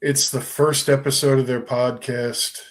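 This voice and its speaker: Measured man making his case. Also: mid-range voice, level tone. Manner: measured, lays out arguments step by step. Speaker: podcast co-host. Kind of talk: casual sports talk. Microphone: remote call over a livestream.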